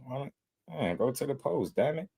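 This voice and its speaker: A creaky, husky mid-range voice at normal speed belongs to a hyped boxing podcast host on a livestream. He talks boxing excitedly, laughing, animated, and shifting between shouting and muttering.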